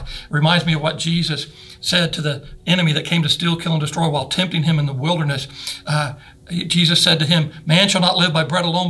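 Male pastor, bright forceful voice, earnest sermon delivery with slow emphatic stresses. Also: a little high, creaky. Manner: earnest preaching, slows and stresses key words. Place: church sanctuary.

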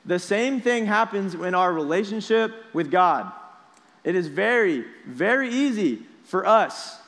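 A young man preaching to a youth group in a casual, energetic way, often checking with the students. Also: high-pitched, measured pace. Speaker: youth pastor. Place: large hall with students. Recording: echoey hall.

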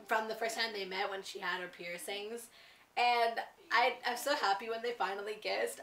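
A teenage girl chatting excitedly about a book to camera, gushing, with lots of "like"s and restarts. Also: on the high side. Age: teens. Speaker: book vlogger. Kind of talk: casual book review to camera. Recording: echoey room, somewhat far from mic.

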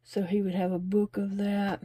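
A middle-aged woman chats easily about home life as she crochets, laughing often and pausing to count stitches under her breath. Her voice is mellow and soft-edged, heard dry and close with no room around it. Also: mid-range voice, level tone, breathy edge, dry recording. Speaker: crochet vlogger. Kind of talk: casual chat while crocheting.

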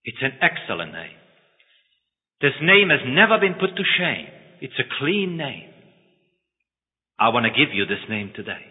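A man voicing a wealthy middle-aged male lawyer who speaks calmly, gently and solemnly, told within a sermon. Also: mid-range voice. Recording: tinny phone-like line, echoing hall.

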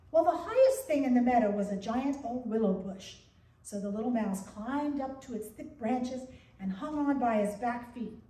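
A woman pastor reading a story aloud to her congregation in a gentle, expressive storybook manner. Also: high-pitched, normal speed. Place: church sanctuary. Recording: echoey church from a distance.

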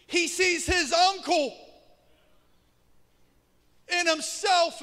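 A male pastor preaching a sermon, shouting for emphasis and then dropping very quiet, recorded in an echoey church hall. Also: very high-pitched. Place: church sanctuary.

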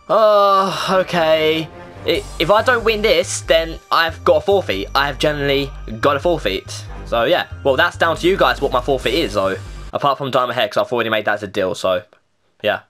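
A woman giving live gameplay commentary, exasperated and self-mocking and quick to swear. Her low voice swings widely up and down. Faint music plays behind her. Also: sing-song, fairly bright tone. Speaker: gaming channel host.

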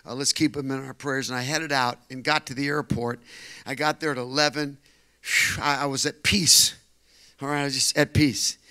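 An older male pastor preaching a sermon, telling a story that builds to shouted preaching. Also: medium pitch, steady tone, moderate pace, clear, resonant tone. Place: church.

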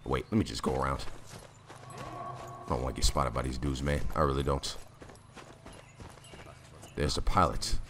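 A man giving casual gameplay commentary, jumpy and prone to sudden loud exclamations, with a slightly raspy voice. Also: a bass voice, fairly even intonation, moderate pace, pauses often, a little hiss or hum. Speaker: gamer.

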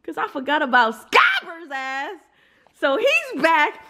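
A woman with a high, lively voice, talking straight to her viewers in a book reaction vlog. Her tone is bright and sharp, and she exclaims and swears freely as she reacts. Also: takes it slowly. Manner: animated, profane, exclamatory chatter addressed to viewers. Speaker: book vlogger. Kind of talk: casual reading reaction vlog.

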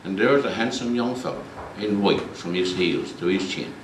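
A man giving a lively comic recitation at a community concert. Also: low voice, normal speed, hardly any pauses, background noise. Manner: lively storytelling. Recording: echoey hall, mic far off.

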